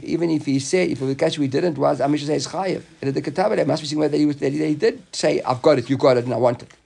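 A man's voice: mid-range voice, gravelly, a little mellow, husky. A man giving an informal Talmud lesson, explaining the text in a loose, chatty way and often repeating words as he thinks aloud. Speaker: Talmud teacher.

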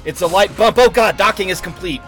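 A man's voice: sits high, a little fast, a bit bright, soft background music. A man running a comedic tabletop game as game master, narrating in a playful folksy storytelling voice. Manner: playful folksy storyteller voice, says it hurts his throat.

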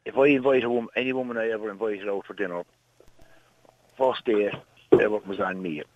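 Rambling Irish caller on phone line. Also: male voice, on the low side, fairly even intonation, fast talker, a little hiss or hum. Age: 40s. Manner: rambling anecdotes. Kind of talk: phone-in call.

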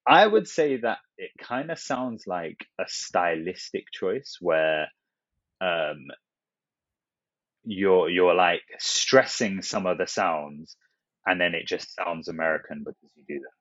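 A man's voice: low voice, lively intonation, takes it slowly, fairly bright tone, no room sound, dull audio. A young man with a London accent, chatting casually as a podcast co-host, full of fillers and asides. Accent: London English. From England. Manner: chatty, lots of fillers and "you know".

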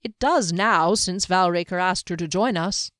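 A man's voice: sits high, fairly bright tone, no room sound, clean studio sound. A woman voicing a smug, formal male mage. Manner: precise, measured, faintly teasing.

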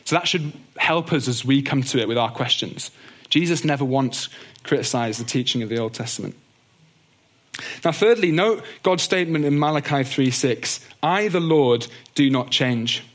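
A man teaching a Bible lesson in an earnest, gentle way. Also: medium pitch, expressive, normal speed. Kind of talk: teaching talk on doctrine.

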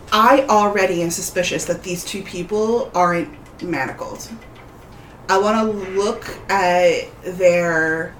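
A woman playing a tabletop game, asking quick, suspicious questions. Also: mid-range voice, fairly bright tone, a little hiss or hum. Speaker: player. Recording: roomy echo.

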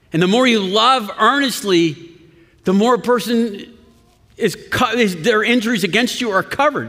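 High-voiced pastor preaching in a hall. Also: male voice, bright, forceful tone. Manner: conversational, chuckling, frequent restarts. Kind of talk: sermon. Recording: long reverb of a church hall.

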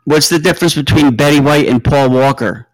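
A man with a somewhat high voice in casual chat. He is chatty and keen to tell jokes. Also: a little fast, no room sound, rough recording.

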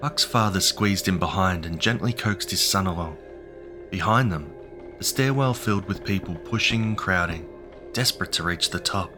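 A man narrating a horror story in a measured, ominous scripted style. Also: deep voice. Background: music.

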